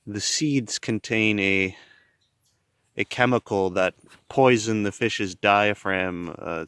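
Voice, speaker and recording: Young guy, slow rambling outdoor vlog narration, lowish voice, swears now and then. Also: a bit bright, smooth, dry recording. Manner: rambling, swears, plain-spoken. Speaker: outdoor vlogger. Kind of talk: casual hiking narration. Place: outdoors on a trail.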